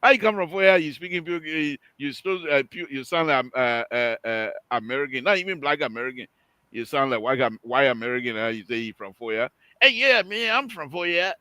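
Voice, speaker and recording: A man hosting a call-in radio show, teasing and animated, laughing often. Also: medium pitch, fairly quick, no echo. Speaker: radio talk show host. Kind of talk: casual call-in radio banter. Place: radio studio.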